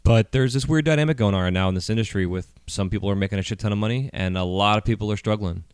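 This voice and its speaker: Low-voiced, rambling middle-aged podcast host. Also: male voice, fast talker, smooth, no echo, clean studio sound. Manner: rambling, profane, heavy with fillers. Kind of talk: casual podcast chat. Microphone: handheld mic.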